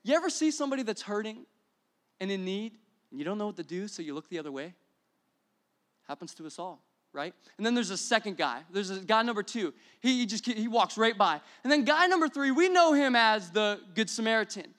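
A young man preaching a sermon as pastor, energetic and repetitive, building to exclamations. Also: sits high, a little fast.

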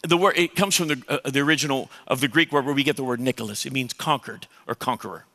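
A man's voice: medium pitch, quick pace, sharp tone, big-room sound. A man pastor preaching a sermon, emphatic and conversational, putting questions to the congregation.

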